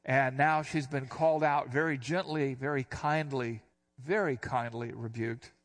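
A man's voice: medium pitch, unhurried. Middle-aged man teaching scripture. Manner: explains verses with relaxed asides and repetition. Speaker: Bible teacher. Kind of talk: conversational Bible teaching.

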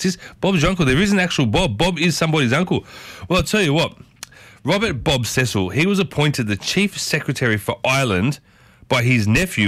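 A man with an Australian accent hosts a morning radio show, chatting playfully and jumping excitedly from one thought to the next. His voice is medium-pitched, with no room sound.

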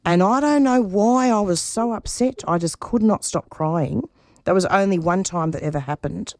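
Speaking at normal speed in a medium-pitched, slightly mellow voice, a middle-aged woman who works as a radio producer gives personal answers as an interview guest. Her passion shows through emphatic, earnest delivery and frequent restarted phrases, and the close-miked recording is dry.

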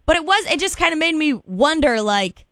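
A woman's voice: high voice, big pitch swings, brisk, fairly bright tone, no room sound, clean studio sound. A woman hosting a call-in radio show, chatting casually, laughing and trailing off into restarts. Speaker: radio host.

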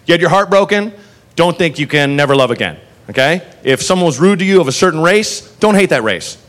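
A man doing stand-up, telling a story in an animated, profane way and jumping into voices. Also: on the high side, fairly quick. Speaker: stand-up comedian.

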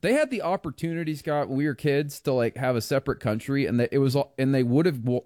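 A male talk radio host speaks at an ordinary middle pitch, rambling and joking his way through loose political banter. He restarts his sentences constantly, and his voice sits close and dry on a studio mic. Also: fast, a little mellow, no echo.

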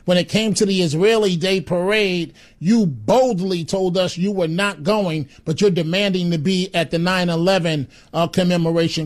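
A man's voice: sits high, normal speed, few pauses. A man hosting a talk radio call-in show, emphatic and repetitive, turning sarcastic at times. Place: radio studio.

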